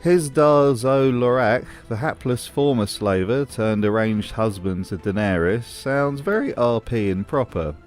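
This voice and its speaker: A man's voice: mid-range voice, measured pace, hardly any pauses, a little mellow, soft background music. A man delivering scripted commentary as a video host, in a dry, mocking manner.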